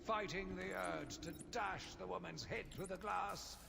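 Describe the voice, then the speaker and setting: An actor playing a cold, calculating male asylum warden in a game audio diary, speaking slowly and measured, sometimes dropping to a whisper. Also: sits high, gravelly, full character voice. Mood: cold, scheming. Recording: reverberant game audio with noise.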